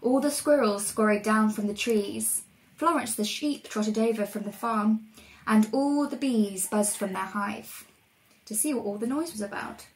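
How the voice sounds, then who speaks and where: A woman reading a storybook aloud to children in a lively, expressive way. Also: mid-range voice, a little slow, poor audio. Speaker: reader.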